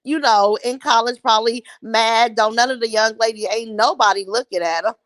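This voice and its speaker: A woman's voice: fairly high pitch, big pitch swings, moderate pace, fairly bright tone, no echo. A middle-aged woman hosting a livestream, chatting casually with viewers and trash-talking bluntly. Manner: blunt, mocking trash talk. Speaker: livestream host. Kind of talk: casual chat reacting to live viewer comments.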